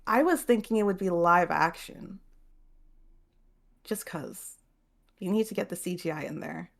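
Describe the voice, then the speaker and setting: A woman's voice: lowish voice, a little slow, vocal fry. A woman hosting a book club, chatting casually in a loose, hedging way and laughing easily. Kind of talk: casual chat.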